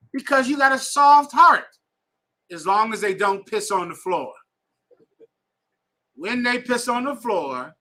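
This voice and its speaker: High-pitched forceful preaching man. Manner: preachy, addresses the audience with repeated "right?". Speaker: teacher. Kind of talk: scripture class lecture.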